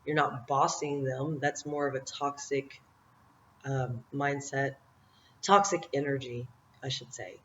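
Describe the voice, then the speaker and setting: A woman's voice: extremely low pitch, steady tone, measured pace, fairly bright tone, slight background noise. A middle-aged woman giving a motivational talk to camera, reflective and meandering, often laughing at herself. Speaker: vlogger giving life encouragement. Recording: dull lo-fi audio.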